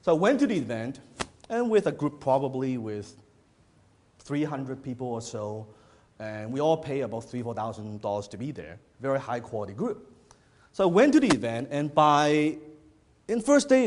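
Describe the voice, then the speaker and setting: A male business speaker addressing a live audience, his pitch swinging widely as he tells his stories. He talks bluntly, swears casually and repeats phrases for emphasis. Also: moderate pace. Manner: animated storytelling, blunt and profane, repeats phrases. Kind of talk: motivational talk to a live audience. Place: event hall before an audience.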